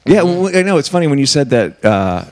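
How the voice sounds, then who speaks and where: A man's voice: a little high, big pitch swings, a little fast. A man hosting a casual comedy podcast, talking with a slight lisp and laughing often. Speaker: podcast host.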